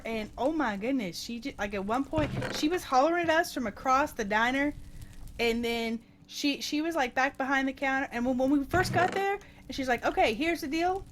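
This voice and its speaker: Animated woman telling a rambling story. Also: high voice, moderate pace, a little hiss or hum. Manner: animated, rambling, many restarts. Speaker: streamer telling a story to co-players. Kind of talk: casual storytelling.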